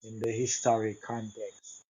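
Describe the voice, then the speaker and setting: Soft-spoken low-voiced man, flat delivery. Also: measured pace, husky, poor audio. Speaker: panel guest. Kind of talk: panel discussion.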